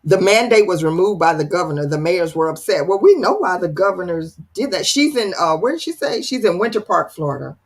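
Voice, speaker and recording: Woman host, casual livestream chat, playful and teasing, animated pitch, slightly breathy. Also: a little fast, hardly any pauses. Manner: playful, teasing, dramatic, laughs often. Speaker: live stream host reading viewer comments.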